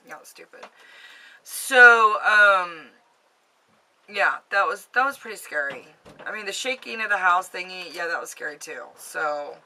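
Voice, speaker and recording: A woman's voice: on the low side, expressive, a little slow, sharp tone, slight background noise. A woman telling a ghost story to camera in a casual, rambling way, filled with fillers, recorded in her home basement. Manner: chatty, rambling, with many fillers. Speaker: vlogger telling ghost stories.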